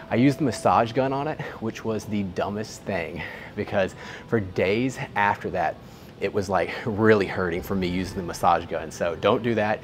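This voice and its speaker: A man's voice: low-pitched, slight background noise. A young man talking through his arm workout in a gym, casual and full of fillers, a bit out of breath between sets. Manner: explaining exercises while training, filler-heavy and relaxed. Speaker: fitness vlogger.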